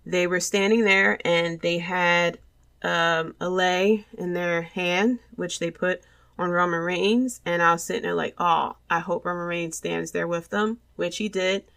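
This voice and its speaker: A woman's voice: fairly low pitch, steady tone, measured pace, creaky, fairly bright tone. A woman hosting a podcast, giving a casual, rambling wrestling review and acting out quoted lines as she retells the match. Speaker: podcast host.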